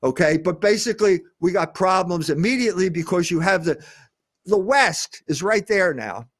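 An older man speaking as a guest, lecturing on history in an emphatic way, with frequent pauses on "uh". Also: high voice, animated, dry recording, clean studio sound.

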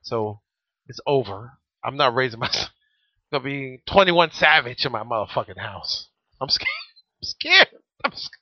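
A man's voice: mid-range voice, normal speed, no room sound. A man in his thirties co-hosting a podcast, telling stories in a profane, joking way. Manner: profane, joking, animated storytelling. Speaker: podcast co-host. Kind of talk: casual chat. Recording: muffled lo-fi audio.

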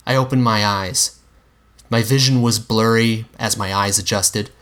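A man giving a measured, grave first-person story reading. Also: fairly low pitch, fairly even intonation, a bit bright. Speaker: story reader.

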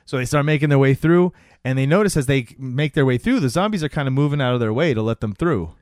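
A man's voice: mid-range voice, fast, no echo, studio quality. A man co-hosting a casual podcast, retelling comedy sketches with acted-out quotes and plenty of swearing. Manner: animated storyteller, acts out quotes, swears freely. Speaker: podcast co-host.

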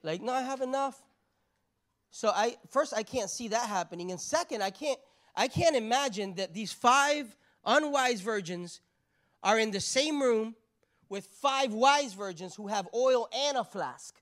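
A woman's voice: fairly high pitch, expressive, a little slow, a bit bright. Woman preaching, peppered with "right?". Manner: conversational, keeps asking "right?"; rhetorical repeated questions. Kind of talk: sermon.

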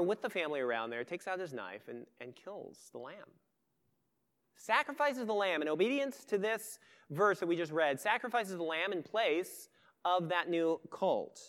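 Pastor guy telling a story in a sermon, chatty, kinda high voice. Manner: conversational storytelling, animated.

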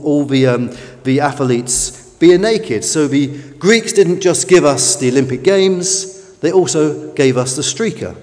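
Man, high-pitched preacher, emphatic sermon delivery, echoing hall. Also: darkish tone. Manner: emphatic, with slow drawn-out stresses. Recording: long reverb of a large hall.

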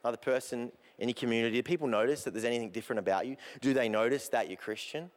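A man's voice: mid-range voice, very fast. A man preaching a sermon as pastor, driving his points home with repeated emphatic phrases. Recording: long hall reverb.

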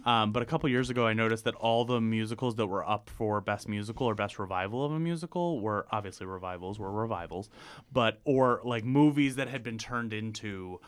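A man with a fairly low voice, chatting on a podcast. He tells his stories in an easygoing, unhurried way and leans on lots of fillers along the way. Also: clean tone. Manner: easygoing, filler-heavy storytelling. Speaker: podcast co-host. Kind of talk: casual chat about musicals.

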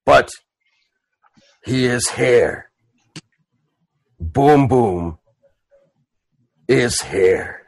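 A man's voice: mid-range voice, expressive, drawn-out words, vocal fry, long pauses, no room sound, heavily acted. A man voicing a huge, confused, dim-witted male half-orc who speaks in broken, simple sentences and calls himself by name. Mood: slow, dazed.

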